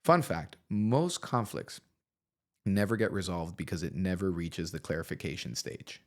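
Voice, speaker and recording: A man's voice: sits low, normal speed. Therapist guy chatting on a podcast, voice swoops up and down a lot, explains things step by step, upbeat and encouraging. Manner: explains in steps, animated and encouraging. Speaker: therapist guest. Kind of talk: casual conversation giving advice.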